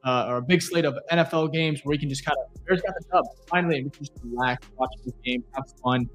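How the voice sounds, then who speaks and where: A man co-hosts a sports podcast in a relaxed, rambling way, thanking listeners with plenty of fillers. His voice sits in a middle pitch. Faint music plays underneath. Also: fast. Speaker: podcast co-host. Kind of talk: casual sports podcast sign-off.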